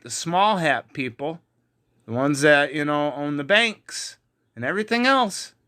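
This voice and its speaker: A man's voice: fairly high pitch, sharp tone. A man teaching from the Bible in an online video, heated and emphatic, with frequent fillers. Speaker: preacher.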